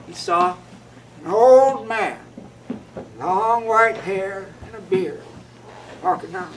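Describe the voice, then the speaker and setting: A man's voice: high voice, fairly bright tone. A male storyteller performing a children's tale dramatically, with gasps and sound effects. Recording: distant mic with faint noise.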